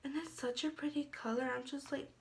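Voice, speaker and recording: A woman's voice: high voice, fairly even intonation, fairly quick, noisy background. A young woman chatting casually in a beauty haul video, rambling with lots of filler words. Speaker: beauty vlogger.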